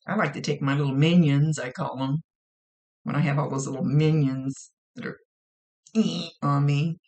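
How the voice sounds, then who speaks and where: A woman's voice: low-pitched, fairly even intonation, moderate pace, a little mellow. A woman working as a psychic medium who gives a casual reading, relaying messages and direct advice and often repeating her phrases.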